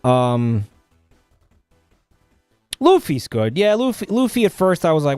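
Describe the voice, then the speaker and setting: A male streamer talking casually to his chat, stopping and restarting his sentences and trailing off with fillers. His pitch sits in an ordinary middle range, and his tone is offhand and a little sardonic. Soft music plays underneath. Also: big pitch swings, clean tone, no room sound. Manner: rambling, halting, with many fillers and restarts.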